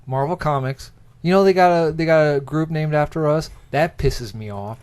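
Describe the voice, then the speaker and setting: A man's voice: a little high, moderate pace, darkish tone, smooth. A man hosting a casual podcast chat, rambling and joking, often restarting his sentences. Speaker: podcast host.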